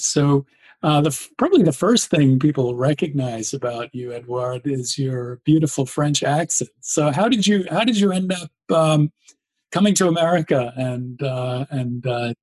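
A man's voice: mid-range voice, moderate pace, darkish tone, husky, poor audio. A man hosting an interview show, introducing his guest in a formal, effusive way with frequent ums. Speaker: podcast host.

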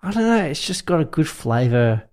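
A man from Australia, co-hosting a podcast and telling rambling, animated stories in casual chat. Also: on the high side, normal speed. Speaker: podcast co-host.

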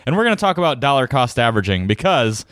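A man's voice: mid-range voice, very animated, fast, fairly bright tone, dry recording, clean studio sound. A man co-hosting a podcast, chatting casually and joking with frequent laughs. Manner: jokey, laughs easily. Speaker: podcast co-host. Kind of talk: casual chat.

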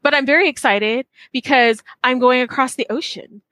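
A woman hosts a podcast in an easy, chatty way, effusive and excitable, stacking asides and restarts as she talks. Her voice sits a little high and rings bright and forceful. The sound is dry and close, with no room behind it. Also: normal speed, dry recording. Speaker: podcast host. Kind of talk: casual chat.

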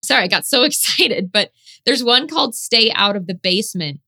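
A woman chatting casually as a podcast guest, excitable and swearing casually, filling her talk with "you know". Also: fairly high pitch, moderate pace, vocal fry. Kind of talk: casual chat.

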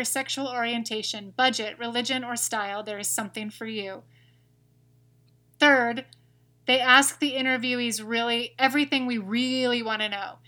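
A woman co-hosting a podcast, reading listener reviews aloud in a brisk, wry, casual way. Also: a little high, bright, forceful tone. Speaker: podcast co-host.

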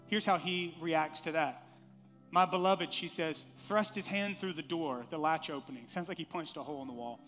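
A man preaching a sermon as pastor in a church, animated, acting out scripture lines with playful voices. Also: fairly high pitch, measured pace, big-room sound, faint music behind.

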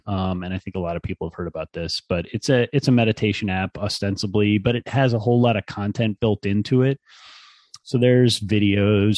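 A man with a fairly low voice co-hosts a podcast in easygoing, wry conversation. The sound is dry and close, with no room around it. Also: no echo. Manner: relaxed, dry teasing banter. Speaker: podcast co-host. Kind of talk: casual chat.

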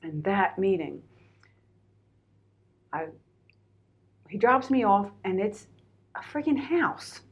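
Animated middle-aged woman telling her story. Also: medium pitch, slow pace, long pauses, lo-fi sound. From Pennsylvania, USA. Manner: animated, candid, heavy use of fillers. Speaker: interview guest. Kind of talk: personal storytelling in conversation.

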